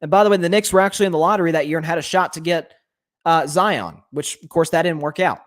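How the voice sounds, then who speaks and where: A man's voice: fairly high pitch, fast. A young man hosting a sports commentary show, ranting with indignation and lots of restarts.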